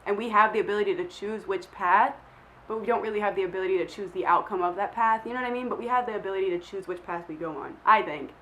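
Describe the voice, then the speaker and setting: A woman's voice: medium pitch, quick pace, fairly bright tone, slight background noise, poor audio. A young woman who is feeling sick, chatting casually to camera as she answers questions in a rambling, self-deprecating way full of filler words. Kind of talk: casual chat.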